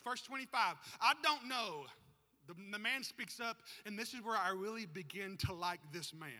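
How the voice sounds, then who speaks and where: High, bright-voiced preacher. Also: male voice. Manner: animated, rising to shouts to rouse the congregation. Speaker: pastor. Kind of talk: sermon. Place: church sanctuary. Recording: long hall reverb.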